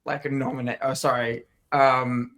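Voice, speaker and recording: A man's voice: medium pitch, measured pace. Rambling young man, easy mid voice. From Australia. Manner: relaxed, rambling with many fillers and restarts. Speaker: actor guest. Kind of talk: casual interview chat.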